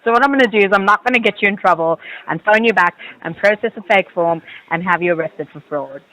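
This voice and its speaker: A man's voice: high-pitched, fast, pushed and bright, poor audio. A South African man working as a call centre agent, polite and amused, often laughing on the phone.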